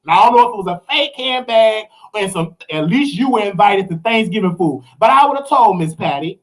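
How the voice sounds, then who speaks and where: A man with a Southern US accent, hosting and ranting in animated commentary, preachy and mocking. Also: sits high, a little fast, hardly any pauses. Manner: preachy, mocking, acts out quotes in other voices. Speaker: host.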